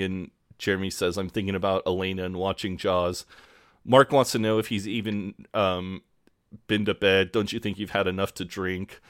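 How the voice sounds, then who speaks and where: Low-voiced man on a dry close mic. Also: normal speed, smooth, no room sound. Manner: relaxed, swears casually, quotes characters with a laugh. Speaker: podcast co-host. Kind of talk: casual chat recapping a TV episode.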